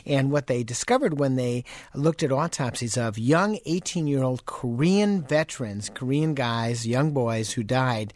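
A man's voice: medium pitch, unhurried, few pauses, darkish tone. A man co-hosting a radio health call-in show, explaining in a chatty, folksy way.

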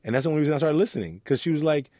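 A man from Oakland, a youth mentor, telling his story in an interview with earnest warmth and acting out the voices in it. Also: on the high side, animated, racing, dry recording, clean studio sound. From Oakland, California. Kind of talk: reflective interview talk.

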